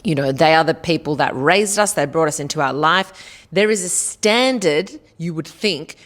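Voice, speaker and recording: A woman's voice: low-pitched, expressive, moderate pace, fairly bright tone. A woman hosting a podcast, giving blunt, casual advice with plenty of swearing and sarcasm. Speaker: podcast host answering listener questions.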